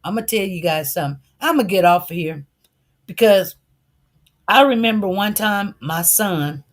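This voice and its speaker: A woman commentator talking casually to her livestream viewers, telling a story in an animated way, repeating herself and acting out dialogue. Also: mid-range voice, moderate pace. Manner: addresses viewers directly.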